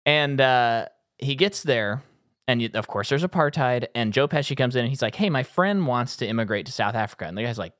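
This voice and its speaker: A man co-hosting a casual movie podcast, telling a long funny story and acting out movie lines in sudden high voices. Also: lively intonation, normal speed, a bit bright, dry recording, studio quality. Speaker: podcast co-host.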